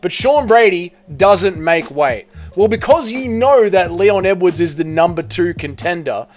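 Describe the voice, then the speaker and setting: Aussie streamer, man, slightly high voice, animated chat host, casual and a bit sweary, faint music behind. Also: measured pace. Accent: Australian.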